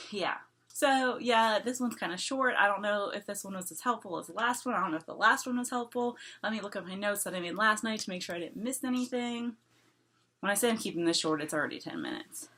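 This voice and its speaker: A woman's voice: medium pitch, pushed and bright. A woman vlogger talking casually to camera, rambling and repeating herself, with lots of "like" and small laughs between thoughts.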